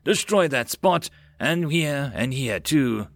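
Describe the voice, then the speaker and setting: A man's voice: medium pitch, lively intonation, slow pace, dry recording, pitched above the performer's own voice. A man doing a proud, growling female red dragon. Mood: commanding. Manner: growling, indignant.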